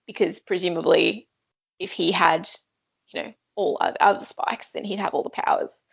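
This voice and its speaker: A woman's voice: on the low side, steady tone, moderate pace, creaky, husky, dull audio. A woman co-hosting a book discussion podcast, musing thoughtfully over her speculations in casual talk. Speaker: book club podcast co-host.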